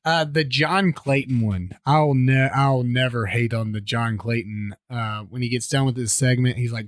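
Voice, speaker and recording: A man co-hosting a casual sports podcast, animatedly retelling commercials and dropping into quick character voices between laughs. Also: medium pitch, no echo. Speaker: podcast co-host. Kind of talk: casual chat.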